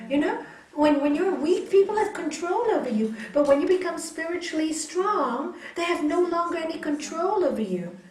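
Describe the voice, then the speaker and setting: Brief: woman yoga teacher, high, bright voice, lively storyteller, echoey hall recorded from a distance. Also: normal speed, few pauses. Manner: animated, acting out what others say in stories. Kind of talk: teaching a spiritual course to a small group. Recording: echoey hall, mic far off, faint hiss.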